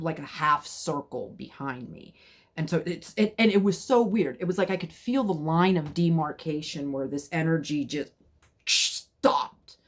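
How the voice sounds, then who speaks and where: Lower-voiced woman telling a story animatedly. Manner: animated, drops to whispers for suspense. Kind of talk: casual personal storytelling.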